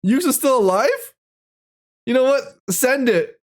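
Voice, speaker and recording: Young woman, high lively voice, unhurried, giggly and shrieking, reading an AI story aloud. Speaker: streamer.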